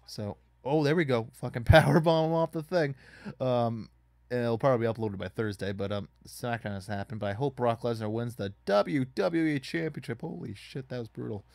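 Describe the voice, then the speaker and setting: A man's voice: medium pitch, moderate pace, creaky, darkish tone, dry recording. A man casually commenting on a wrestling video game as he plays, rambling and swearing in frustration at it. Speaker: gaming YouTuber.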